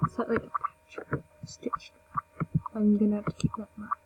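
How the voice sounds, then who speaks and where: A woman's voice: medium pitch, completely flat delivery, a little fast, dull audio, background noise. A young woman giving casual, chatty commentary over a game she is playing, mocking herself and now and then dropping into a whisper. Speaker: gameplay video maker.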